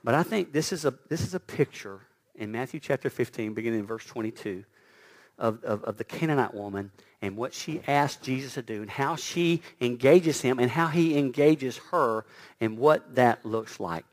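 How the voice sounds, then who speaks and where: A man's voice: medium pitch, moderate pace. A male preacher delivering a sermon with a lot of movement in his delivery, pushing hard on emphatic lines and then dropping almost to a whisper. He sometimes trips over his own words, repeating them as he builds momentum. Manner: dynamic, swinging from loud emphasis to near-whispered quotes; stumbles and repeats words when excited.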